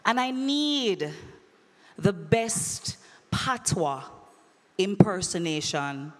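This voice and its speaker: A woman emceeing a conference, running a brisk, playful audience quiz and teasing the crowd over a handheld microphone. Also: medium pitch, lively intonation. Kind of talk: lively audience quiz hosting. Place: large conference hall. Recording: long hall reverb.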